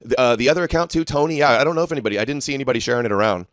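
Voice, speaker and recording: A man's voice: medium pitch, rapid-fire, no room sound, studio quality. A man hosting a livestream, ranting in a combative, sarcastic and mocking way as he reads through posts and answers viewers. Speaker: livestream host.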